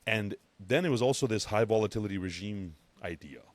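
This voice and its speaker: A man's voice: lowish voice, fairly quick, no echo. A man hosting a casual chart analysis talk in a brash, joking, conversational way. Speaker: crypto channel host.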